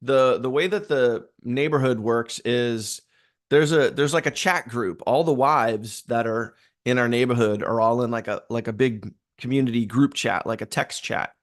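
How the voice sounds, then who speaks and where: Man, live-stream host, upbeat and chatty, rambles, mid-pitched voice. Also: moderate pace. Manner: upbeat, rambling, greets viewers by name. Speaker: livestream host. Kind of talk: casual live-stream chat.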